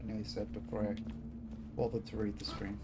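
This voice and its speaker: A man's voice: on the low side, monotone, fairly quick, creaky. A man streaming a video game, chatting casually to his viewers with a scratchy throat, rambling and poking fun at himself. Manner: rambling, self-deprecating, talks to himself. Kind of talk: casual gameplay chat to viewers.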